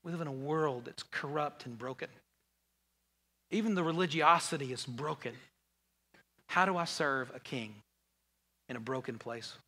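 A man preaching a conversational, joking sermon, full of restarts and repeated words, and going low and quiet when he quotes Jesus. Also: moderate pace, pauses often. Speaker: pastor. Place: large church hall. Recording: long hall reverb.

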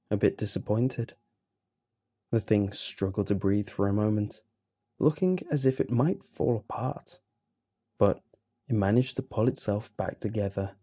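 Casting note: male horror narrator, unhurried and grim, mellow and dark tone. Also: lowish voice, slightly rough, no room sound, clean studio sound. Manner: slow, grim, measured storytelling.

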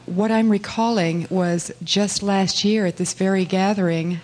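A woman in a workshop group fondly recalling a moment, warm and laughing as she talks. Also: medium pitch, steady tone, a little slow. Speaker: workshop participant. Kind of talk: fond reminiscing.

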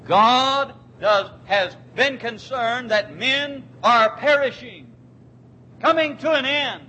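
Emphatic high-voiced preacher man. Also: sharp tone, rough recording. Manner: emphatic preaching, repeats key words, slows on scripture. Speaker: pastor. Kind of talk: sermon.

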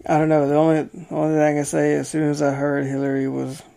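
A man's voice: on the high side, monotone, fast, vocal fry, warm tone. A man co-hosting a casual podcast, giving brief, laughing replies.

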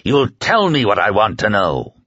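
A man reading an audiobook, voicing a cruel, grinning supernatural dark man in a low, gloating tone. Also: huge pitch swings, moderate pace, no echo, highs cut off, heavily acted. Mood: gloating menace.

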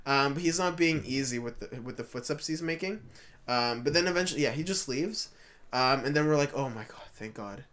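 A man's voice: fairly high pitch, fairly quick, a bit bright. A young man hosting a podcast, telling a story in casual chat, rambling with lots of fillers and restarts. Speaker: podcast host.

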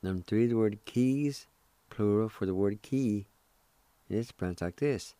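A man's voice: lowish voice, a little slow, mellow, no room sound. A man hosting a radio language lesson, patiently spelling words out letter by letter and repeating them. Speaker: radio host teaching Cherokee.

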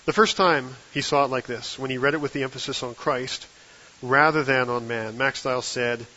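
A man preaching a sermon from the pulpit, with a measured delivery and emphatic stresses on key phrases. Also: medium pitch, steady tone, bright, forceful tone, dull audio. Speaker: guest preacher.

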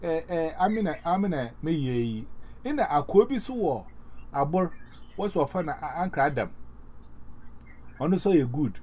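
A man, chatting in a halting, rambling way with many fillers and restarts. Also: a little high, expressive, a little mellow, breathy edge. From Ghana. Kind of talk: casual chat.

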